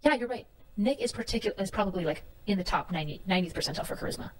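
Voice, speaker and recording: A woman's voice: medium pitch, expressive, very fast. Exasperated profane woman ranting on stream. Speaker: livestreamer. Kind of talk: heated stream rant. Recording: distant mic with faint room noise.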